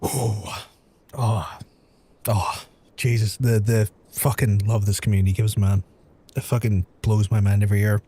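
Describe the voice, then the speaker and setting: A man streaming live, overwhelmed and swearing, holding back from shouting. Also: lowish voice, level tone, a little slow, slightly rough. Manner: emotional, swearing, restrained from shouting. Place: room at home.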